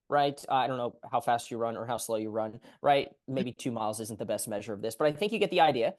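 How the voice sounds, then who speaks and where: Male PT coach on a call, animated, acts out client lines. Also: mid-range voice, fast talker, hardly any pauses. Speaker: physical therapist coach.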